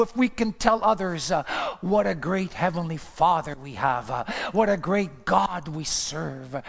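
A man preaching a sermon as pastor, passionate, swinging from loud calls down to hushed whispers. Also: fairly high pitch, unhurried, vocal fry, few pauses, long reverb tail. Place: church.

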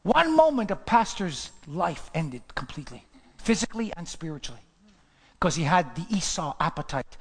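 A man preaching a sermon in a repetitive, rhythmic cadence, swinging from shouts to near whispers. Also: on the high side, sing-song, normal speed, husky, big-room sound. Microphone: livestream to online viewers.

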